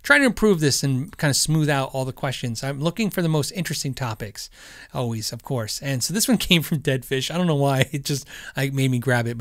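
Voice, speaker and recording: A man's voice: fairly high pitch, pushed and bright, smooth. A middle-aged man hosting a podcast, rambling through listener questions in a self-deprecating way and laughing often. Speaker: podcast host. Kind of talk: casual chat.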